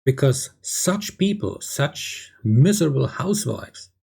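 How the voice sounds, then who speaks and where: A man's voice: medium pitch, very animated, takes it slowly, vocal fry, dark tone, husky. A man delivering a blunt, crude lecturing monologue, often tagging lines with "yeah?". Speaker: video creator. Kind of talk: ranting monologue.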